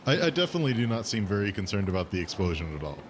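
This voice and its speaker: A man playing in a tabletop game, hesitant and thinking out loud with many fillers. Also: lowish voice, sing-song, racing, background noise. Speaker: player. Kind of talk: casual tabletop role-play.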